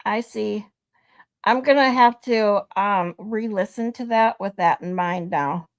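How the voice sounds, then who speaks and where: Slow, gravelly-voiced woman streamer. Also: mid-range voice. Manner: thanks viewers, laid-back chatter. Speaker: streamer hosting a reaction stream. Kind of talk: casual live-stream chat.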